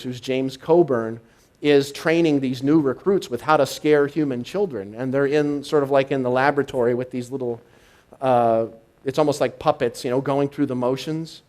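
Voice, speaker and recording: Impassioned male minister preaching. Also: medium pitch. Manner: swings from hushed and intimate to loud and excited. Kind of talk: sermon. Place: church service, live.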